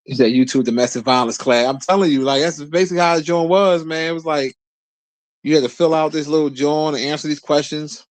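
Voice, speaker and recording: A man's voice: fairly high pitch, fairly even intonation, fairly quick, no echo. Blunt, profane man in a dry room. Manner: blunt, profane, repeats words when starting sentences. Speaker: streamer host. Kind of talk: casual live-stream commentary.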